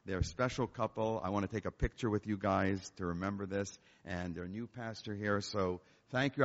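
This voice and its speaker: With a voice on the low side, an older man who plays concert piano gives a storytelling talk as a guest speaker in a church hall. He is animated and joking throughout, and the recording is echoey, dull and lo-fi.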